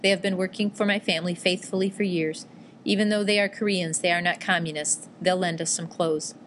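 A woman reads a determined teenage boy fleeing through a war-torn land. The voice sits low and even, urgent and careful, with a faint hiss in the background. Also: fairly quick, natural voice. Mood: resolute. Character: teenage Japanese schoolboy fleeing, determined and quick-thinking.

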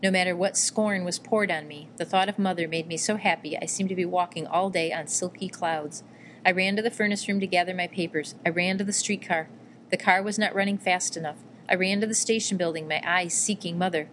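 A woman narrating a first-person memoir in a measured, quietly emotional reading. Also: lowish voice, fairly even intonation, slight background noise. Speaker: audiobook reader.

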